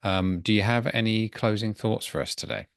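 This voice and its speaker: A man's voice: on the low side, moderate pace, dry recording, studio quality. A man hosting a podcast interview, polite and appreciative, with some hesitant phrasing. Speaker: podcast host. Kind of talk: interview questions.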